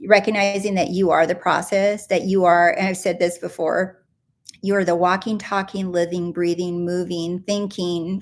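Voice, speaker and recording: Emphatic woman coaching on a live stream. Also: mid-range voice. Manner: emphatic, playful, repeats words for effect. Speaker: manifestation coach.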